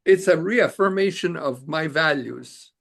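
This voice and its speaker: A man's voice: a little high, a little slow, vocal fry, fairly bright tone. A man as a podcast guest, talking earnestly in casual conversation and searching for his words as he goes. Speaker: guest, immigration attorney.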